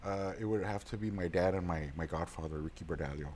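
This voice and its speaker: A man's voice: low voice, fast talker, darkish tone, slight background noise. A man answering a talk show host's questions in a TV studio, stumbling and repeating words. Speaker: guest, political candidate. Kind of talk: casual interview answers.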